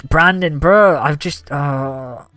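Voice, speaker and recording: A man's voice: fairly high pitch, takes it slowly, clean tone, no room sound, faint music behind. A young man chatting casually on a gaming livestream, thanking viewers and reacting to the game. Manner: chatty, reads out gift thanks, animated. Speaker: streamer.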